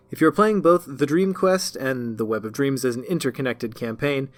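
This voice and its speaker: A man reading scripted narration from a card game campaign in a measured, even voice. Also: medium pitch, dry recording.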